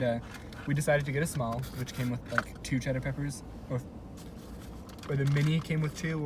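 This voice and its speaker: A young man from the United States telling a story in relaxed, rambling casual chat, with many fillers. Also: medium pitch. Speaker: vlogger's younger brother. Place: inside a moving car. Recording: car noise behind.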